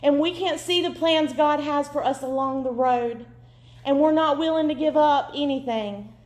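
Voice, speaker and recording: A woman, preaching a sermon as emotional, earnest testimony. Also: sits high. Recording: echoey room.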